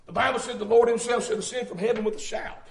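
A man's voice: extremely high pitch, fast talker. Fervent preacher man, echoing hall. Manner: fervent, shouting bursts, rhythmic repetition. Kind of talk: sermon.

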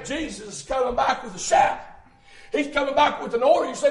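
A man's voice: extremely high pitch, quick pace, creaky. Fervent preacher man, echoing hall. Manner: fervent, shouting bursts, rhythmic repetition. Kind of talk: sermon.

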